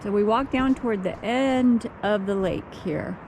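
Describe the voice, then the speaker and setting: A woman's voice: medium pitch, darkish tone, rough recording. An older woman chatting casually as she films a hike on a forest trail and points out the sights. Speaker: vlogger. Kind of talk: casual hiking vlog narration. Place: outdoor forest trail by roaring water. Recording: outdoor camera audio with clear rushing-water noise.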